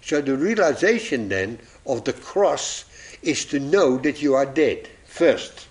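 Lively man preaching a sermon. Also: mid-range voice, slow. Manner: storytelling, acts out voices, chuckles at own jokes.

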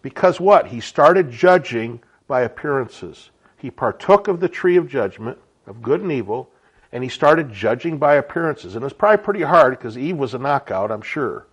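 A man's voice: medium pitch, lively intonation, normal speed, husky, dull audio. A man giving an informal sermon as a Bible teacher, chatty and conversational, often checking in with rhetorical questions.

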